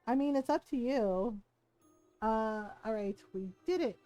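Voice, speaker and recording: A woman's voice: a little high, a little slow, warm tone, dull audio, faint music behind. A woman streaming a video game, chatting casually with viewers, rambling with ums and frequent laughs. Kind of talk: casual live-stream chat.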